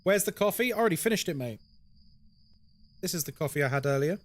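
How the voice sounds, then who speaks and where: Talking fast in a fairly high voice, a young British horror game streamer chats on his live stream. He's animated and casual, with a British English accent, reading the chat aloud and responding.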